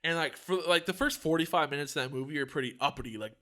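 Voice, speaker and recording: A man's voice: on the high side, fast talker. An American man co-hosting a podcast, telling a story in casual chat with lots of swearing. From United States. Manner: profane, animated storyteller. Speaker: podcast co-host.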